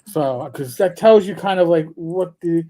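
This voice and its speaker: A man's voice: on the high side, a little slow. Profane rambling older male streamer. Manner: profane, rambling, animated joker. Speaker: host. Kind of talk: casual chat on a live stream.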